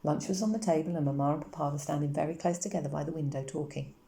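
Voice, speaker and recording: Reading a novel aloud for an audiobook, this fast-talking woman keeps an even, steady narrative rhythm. Her low, dark voice has gravel in it, and the room gives the audio noticeable echo.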